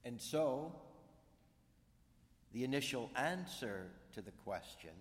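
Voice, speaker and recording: Guy preaching real slow and deliberate, voice ringing around a big hall. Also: mid-range voice, big pitch swings. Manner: slow, deliberate, emphatic pulpit delivery. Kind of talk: sermon. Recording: long reverb of a large hall.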